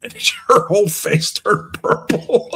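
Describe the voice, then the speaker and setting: Husky-voiced man, casual storyteller, crude and swearing, acts out the voices he quotes. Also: high-pitched, expressive, slow pace, pushed and bright.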